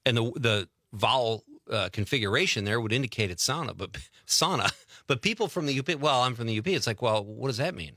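Casual Wisconsin radio host, bright voice on a dry close mic, chatty with listeners. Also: male voice, mid-range voice, expressive, a little fast, dry recording. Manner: chatty, reads listener messages aloud. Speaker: radio talk show host. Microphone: studio mic.

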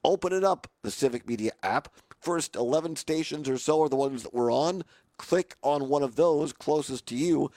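A male radio host with a hoarse, raspy voice and a slightly raised pitch talks live from a remote broadcast. He chats in an upbeat way, full of fillers and restarts. The sound is dry and close, with little room around it. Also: normal speed, mellow, no echo. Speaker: radio talk show host.

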